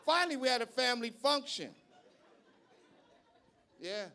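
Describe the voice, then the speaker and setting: Brash high-pitched comedian, gravelly edge. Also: male voice, animated, measured pace, some chatter behind. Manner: brash, profane, shouts punchlines. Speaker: stand-up comedian. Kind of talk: stand-up comedy set. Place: comedy club stage, live audience.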